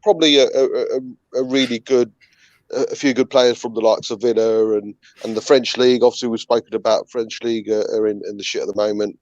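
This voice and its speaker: A man's voice: fairly low pitch, steady tone, brisk, darkish tone, no echo, lo-fi sound. A man talking football in casual chat, passionate, swearing and trailing off. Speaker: football podcast panelist.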